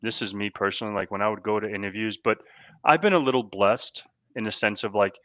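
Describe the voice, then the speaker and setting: A man hosting a podcast, talking in a relaxed, agreeable way. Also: on the low side, fast talker, dry recording. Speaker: podcast host. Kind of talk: casual chat.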